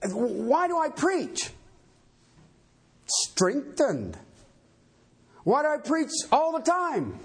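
A male pastor preaching a sermon in an emphatic, animated way, firing rhetorical questions at his church. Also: very high-pitched, measured pace, hardly any pauses.

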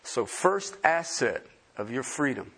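A man preaching a sermon as pastor, emphatic and repeating phrases for stress, swinging from soft asides to loud, high emphasis. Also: very animated, slow pace, slightly rough.

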